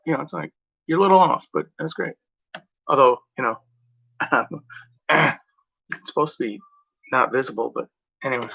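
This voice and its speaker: A man vlogs in a mid-range, husky voice with vocal fry, sounding pushed and bright at a normal pace with long pauses. The meandering chat is full of "like" and "you know" plus self-corrections, and the home recording is dull and lo-fi.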